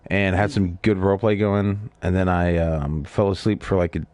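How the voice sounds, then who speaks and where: A man's voice: low voice, little pitch movement, moderate pace, darkish tone, no echo. A man hosting a casual podcast chat, telling stories with frequent swearing. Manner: profane, storytelling. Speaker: podcast host.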